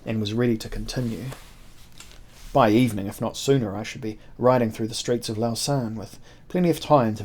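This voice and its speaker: A man narrating a historical adventure novel in the first person, with measured, expressive storytelling. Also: lowish voice.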